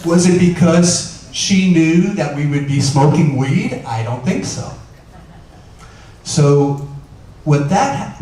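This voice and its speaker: A man gives a loose, conversational lecture as a doctor, with plenty of "uh"s and questions tossed to the audience. His voice is mellow and dark, sitting at a middle pitch. He is picked up from a distance in a very echoey room, with faint room noise behind him. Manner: conversational, lots of fillers, asks the audience questions. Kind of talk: informal lecture.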